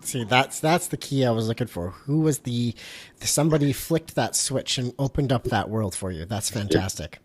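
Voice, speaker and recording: A man's voice: medium pitch, moderate pace. A man hosting a design podcast, asking questions and reacting with enthusiasm. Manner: enthusiastic, encouraging. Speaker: podcast host. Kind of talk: casual interview.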